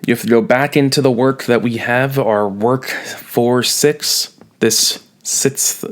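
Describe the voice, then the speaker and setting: A man's voice: medium pitch, steady tone, takes it slowly. A man teaching a recorded online lesson, talking students through a poem with wry, self-mocking asides.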